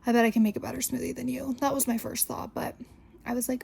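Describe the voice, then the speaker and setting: A woman's voice: on the high side, flat delivery, quick pace, vocal fry, darkish tone, husky. A young woman hosting a podcast, telling a story casually in a chatty, exasperated way, full of "like". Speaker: podcast host.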